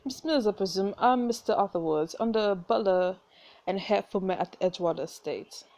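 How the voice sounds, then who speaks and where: A woman's voice: medium pitch, a little fast, darkish tone, natural voice. A woman voicing a courteous, formal male butler in a story game, read in her own voice. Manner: formal, polite.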